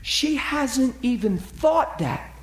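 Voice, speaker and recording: A man telling ministry stories in a sermon, acting out the people he quotes and dropping to a soft near-whisper at tender moments. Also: very high voice, animated, slow pace, roomy sound. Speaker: preacher. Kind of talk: storytelling sermon.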